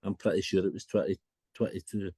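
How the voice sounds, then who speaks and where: Relaxed podcast host. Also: male voice, low voice, breathy edge, no echo. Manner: relaxed, halting questions. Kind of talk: casual interview.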